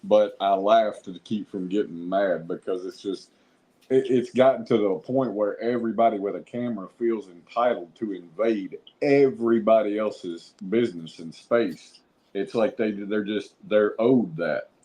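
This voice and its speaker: Male co-host, low voice, earnest reflective delivery. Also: moderate pace, dark tone, poor audio. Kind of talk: casual chat.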